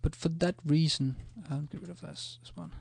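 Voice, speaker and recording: A man's voice: on the high side, steady tone, moderate pace, creaky, husky, no echo. A man teaching a language in a casual screencast, hesitant, with many ums and restarts as he types examples. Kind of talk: screencast lesson, typing examples.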